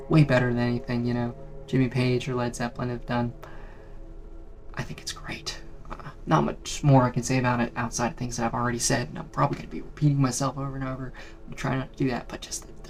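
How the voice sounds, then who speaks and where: A man with a gravelly, fry-laden voice talks through his song picks in a loose, rambling way, swearing freely and trailing off into ums. He keeps his volume held back on purpose. Faint music hums underneath. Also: mid-range voice. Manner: rambling, casual, swears, many fillers. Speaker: music video creator. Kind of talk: casual music ranking vlog.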